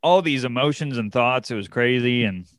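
A young man spinning a comedy tale on a podcast, lively and scattered, leaping up in pitch whenever he acts out someone else. His voice is smooth and clean, set close and dry with no room sound. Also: moderate pace, dry recording. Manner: animated, jumps up in pitch to act out quoted people, many fillers and restarts. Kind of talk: casual podcast storytelling.

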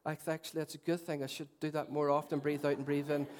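A middle-aged man preaching a sermon, earnest and swinging between loud declarations and soft, tender passages, with self-deprecating humour. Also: on the high side, little pitch movement, fast talker. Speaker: pastor.

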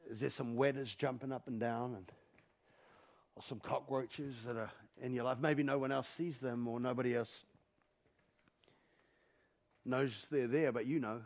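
A man's voice: mid-range voice, fairly even intonation, a little slow, vocal fry, long pauses. A male pastor preaching a sermon, telling stories and firing off repeated rhetorical questions. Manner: storytelling, repetitive rhetorical questions. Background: loud instrumental music.

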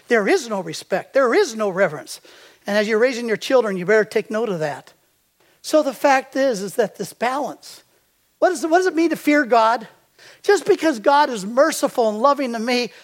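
A man's voice: very high voice, lively intonation, moderate pace. An older man preaching a sermon as a pastor. He tells stories and quizzes the congregation with fill-in-the-blank questions.

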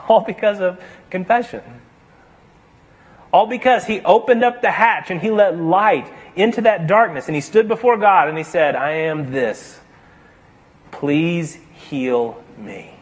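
A man's voice: high voice, moderate pace, slightly rough. A man preaching a sermon, retelling a story dramatically and acting out the characters' dialogue.

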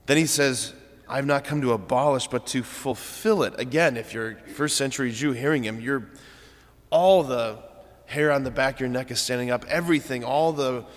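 A young adult man, a priest, speaks at normal speed in a mid-range voice, giving a storytelling homily full of fillers. The recording carries long reverb from the large church.

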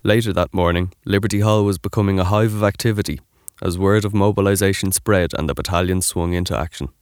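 A man giving scripted documentary narration in an even, informative way. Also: deep voice, quick pace, clean tone, dry recording, studio quality.

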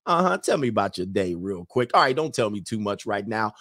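A man's voice: fairly low pitch, very animated, a little fast, a bit bright, dry recording, clean studio sound. Man putting on a drawling Southern charmer. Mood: drawling flirt. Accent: put-on American Southern drawl. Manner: drawling, sweet-talking, teasing.

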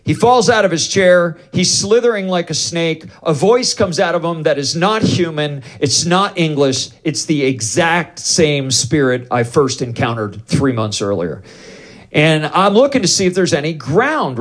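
A man's voice: on the high side, measured pace. A man preaching, telling a story from his ministry and acting out both sides of the conversations. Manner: animated, acts out both sides of dialogues. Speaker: pastor leading deliverance ministry. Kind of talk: sermon storytelling.

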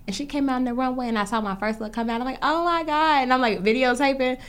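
Young adult woman host, higher bright voice, blunt and profane, heated storyteller. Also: quick pace. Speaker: interviewer and fellow designer. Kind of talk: casual chat.

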